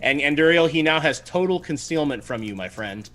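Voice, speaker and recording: A man's voice: on the high side, animated, a little fast, fairly bright tone. Chatty man running a tabletop game. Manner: easygoing, chatty, with frequent ums. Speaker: game master. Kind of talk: narrating a tabletop game on a livestream.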